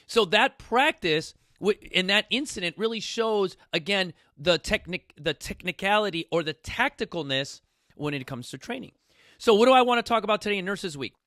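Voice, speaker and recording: Host, male, high bright voice, lively storyteller talking to a studio crowd. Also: brisk, no echo. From New York City. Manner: animated, repeats "you guys", acts out quotes. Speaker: fitness coach hosting a talk. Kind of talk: casual talk to a studio audience.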